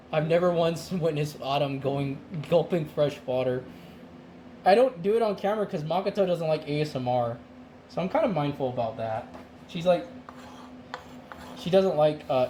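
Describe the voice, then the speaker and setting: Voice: mid-range voice, a little mellow, slight background noise. A streamer chatting casually while cooking on a live stream, rambling and laughing often. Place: home kitchen.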